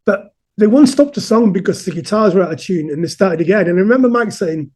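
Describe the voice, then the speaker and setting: A man's voice: high-pitched, animated, quick pace, hardly any pauses, a little mellow. A man in his fifties, a musician being interviewed, talking earnestly and reflectively and often repeating words as he starts a sentence. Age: 50s. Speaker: guest musician. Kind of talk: casual conversational interview.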